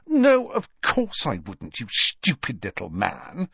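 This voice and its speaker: Contemptuous arrogant boy wizard as read by a man, cold threats, lively pitch, dry muffled audio. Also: slow pace, vocal fry, breathy edge, no echo, full character voice. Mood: sneering.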